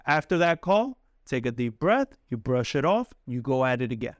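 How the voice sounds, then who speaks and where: A man coaching cold callers in a casual, talkative way who laughs often and acts out calls in a soft apologetic voice. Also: medium pitch, sing-song, normal speed, no echo, studio quality. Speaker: sales coach. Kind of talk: coaching talk to camera.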